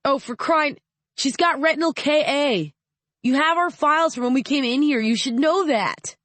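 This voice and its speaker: A woman's voice: sits high, normal speed, a bit bright, dry recording, pitched above the performer's own voice. A woman voicing an irritated young male journalist in an audiobook. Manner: irritated, sarcastic.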